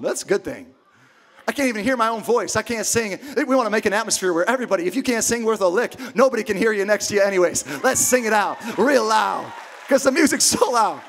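Really high-pitched guy preaching at church, chatty, keeps getting fired up and yelling. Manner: impassioned, conversational, bursts into shouting. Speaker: pastor. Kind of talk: sermon. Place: church service.

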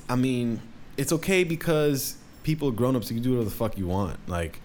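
A man's voice: lowish voice, a little hiss or hum. A young man ranting casually, swearing a lot and restarting his sentences often. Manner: profane, rambling, many restarts. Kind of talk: casual rant.

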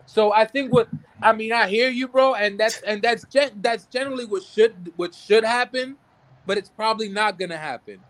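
A man's voice: high voice, moderate pace, fairly bright tone. A man co-hosting a casual sports talk show, ranting in heated frustration, swearing and stumbling over his words. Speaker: podcast co-host.

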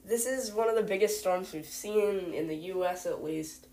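A woman's voice: mid-range voice, moderate pace, warm tone. A young woman hosting a homemade mock news show, rambling and hesitant, full of fillers. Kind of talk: playful mock newscast.

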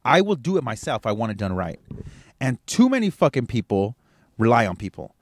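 A man's voice: mid-range voice, very animated, fairly quick. A man, a father, giving a blunt, profane motivational rant as a podcast host. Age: adult with kids.

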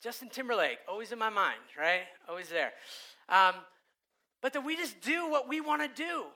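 A man preaching a sermon with a high, very bright voice. He is animated, rising to loud, urgent passages and dropping to hushed ones. He acts out the voices he quotes. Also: normal speed. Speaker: pastor.

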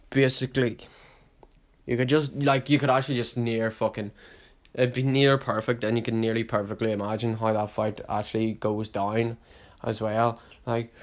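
A young man hosting a solo podcast, rambling casually with heavy swearing and sudden loud hype bursts. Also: medium pitch. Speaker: podcast host.

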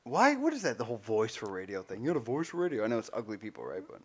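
A man's voice: mid-range voice, wildly swooping pitch, very fast, slightly rough. A man co-hosting a casual podcast, joking crudely and swearing freely, often trailing off mid-sentence. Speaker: podcast co-host.

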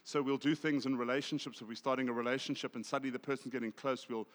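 A South African man preaching a sermon, swinging from loud emphasis to hushed asides. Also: mid-range voice, fairly even intonation, quick pace, long reverb tail. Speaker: pastor.

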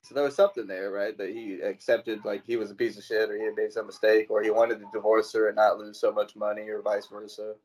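A man's voice: lowish voice, little pitch movement, quick pace, hardly any pauses, darkish tone, low-quality recording. A young man co-hosting a podcast, talking bluntly and swearing in casual chat. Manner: blunt, swearing, asks questions. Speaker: podcast co-host.

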